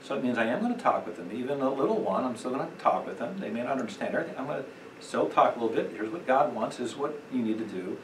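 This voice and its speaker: A middle-aged man teaching a parenting class at church, talking conversationally with many fillers and acting out quick quotes. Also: medium pitch, expressive. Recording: echoey room, distant mic, noisy.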